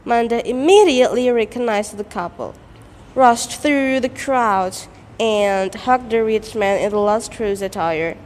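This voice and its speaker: Student girl telling a folk legend in american-style english, slow and clear, echoey hall. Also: on the high side, darkish tone. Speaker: student storyteller. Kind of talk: folktale storytelling performance. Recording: echoey hall, faint noise.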